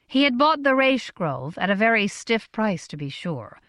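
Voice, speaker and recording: Brief: woman audiobook narrator, expressive, animated pitch, dry close recording. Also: no room sound. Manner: measured, expressive reading. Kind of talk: scripted narration.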